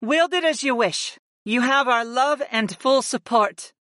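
A man voicing a devoted, loving goddess in an audiobook, speaking in a warm, pledging way. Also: very high voice, unhurried, no room sound, studio quality, voice pushed up, heavily acted. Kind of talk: audiobook character voice.

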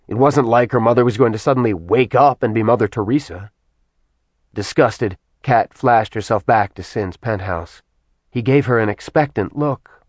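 A man narrates a fantasy audiobook in a steady, even storytelling manner. His voice sits at an average pitch for a man. The sound is dry and close with no echo.

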